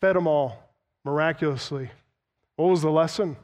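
A man preaching an expository sermon, teaching earnestly and repeating words for emphasis, slowing down to stress key phrases. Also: a little high, a little mellow, muffled recording.

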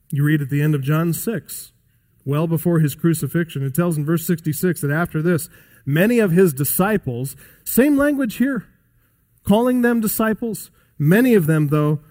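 Emphatic male preacher, slightly high voice. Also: darkish tone. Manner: emphatic, asks the listeners rhetorical questions. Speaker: pastor. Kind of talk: sermon.

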